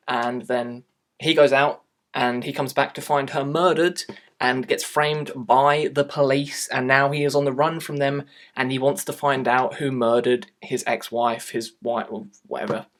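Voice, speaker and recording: Guy ranting about a movie, blunt and fed up, pretty average pitch. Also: a little slow. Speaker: film reviewer. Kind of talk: casual online movie review rant.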